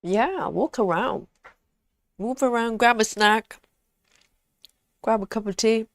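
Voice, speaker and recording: Slow-talking woman, relaxed live chat. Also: fairly high pitch, dry recording. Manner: relaxed, reads viewer comments aloud, frequent ums. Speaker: live stream host. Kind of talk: casual live-stream chat.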